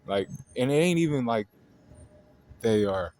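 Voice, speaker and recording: A man's voice: mid-range voice, expressive, a little slow, a little mellow. A man hosting an astrology video, venting in a blunt, profane, exasperated way. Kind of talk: casual ranting monologue. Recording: noisy home recording.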